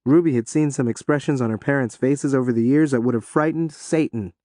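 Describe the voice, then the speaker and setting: A man narrating an audiobook in an expressive storytelling manner. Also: medium pitch, a little fast, no room sound, studio quality.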